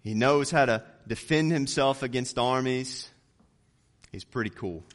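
A man preaching a sermon, reading scripture and building to loud emphatic peaks before dropping low on key words. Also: a little slow.

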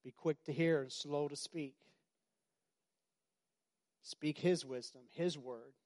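A middle-aged male pastor preaching a sermon in a conversational way, repeating phrases and breaking into sudden shouts. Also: on the high side, steady tone, measured pace, long pauses.

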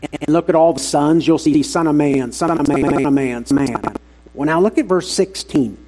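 A man's voice: on the high side, normal speed, dark tone, slight background noise, low-quality recording. A man preaching an earnest, emphatic sermon to his congregation at a church service.

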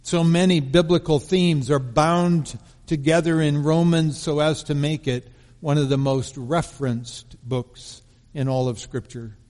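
A man preaching a sermon as pastor of his congregation, telling a story in a measured way and slowing down for emphasis. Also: a little high, fairly even intonation, darkish tone. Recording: long reverb of a large hall.

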